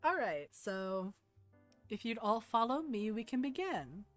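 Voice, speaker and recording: A woman's voice: a little high, very animated, unhurried, faint music behind. Woman playing a peppy young tour guide. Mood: upbeat. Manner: cheerful, formal greeting. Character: young male tour guide, upbeat and polite. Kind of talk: tabletop role-play.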